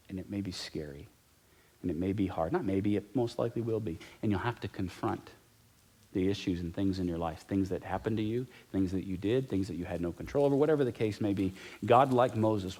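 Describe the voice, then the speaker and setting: A middle-aged pastor preaching a sermon in a conversational way, repeating key phrases for emphasis and sometimes dropping to a near whisper. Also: male voice, low-pitched, a little mellow, slightly rough.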